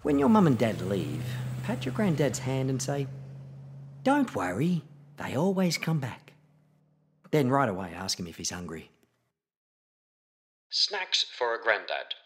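A man reading a children's picture book aloud in an expressive, playful storytelling manner. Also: medium pitch, unhurried. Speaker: storybook reader.

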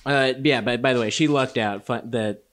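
A man's voice: mid-range voice, moderate pace, fairly bright tone. A young man co-hosting a podcast, chatting casually about a movie, swearing and laughing often. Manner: profane, joking, laughs often. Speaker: podcast co-host.

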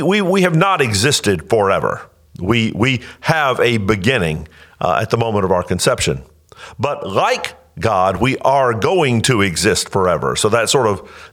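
Man, very deep voice, podcast bible teaching, deliberate, emphatic, restarts phrases. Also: fairly bright tone. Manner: slow, deliberate delivery with emphatic rises and repeated restarts. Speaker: pastor and podcast host.

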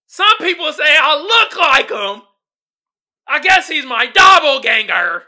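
A man's voice: extremely high pitch, very animated, slow pace, pushed and bright. A man hosting a podcast in casual comedic chat, laid-back and slangy, laughing often and calling his listeners y'all. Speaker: podcast host.

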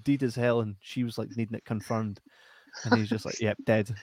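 A man's voice: on the low side, fairly even intonation, a little fast, darkish tone. Joking Scottish man hosting a stream. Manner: banters, laughs often, swears. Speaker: live stream host reading chat. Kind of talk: casual live chat.

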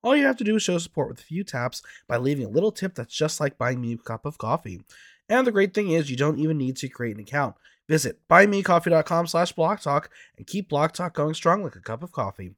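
Male podcast host, hoarse from allergies, gravelly and animated, recorded dry. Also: a little high, a little fast, dry recording. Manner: animated and chatty. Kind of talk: casual podcast chat.

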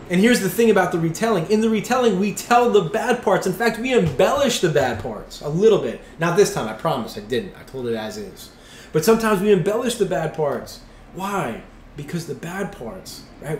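Animated male pastor, echoey church hall. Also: fairly high pitch. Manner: animated storyteller, self-mocking humor. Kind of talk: storytelling sermon. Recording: roomy hall echo.

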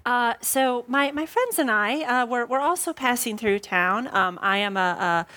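A woman's voice: on the high side, measured pace, sharp tone. A woman player in a tabletop game, talking hesitantly with many ums and restarts. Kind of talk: casual tabletop role-play.

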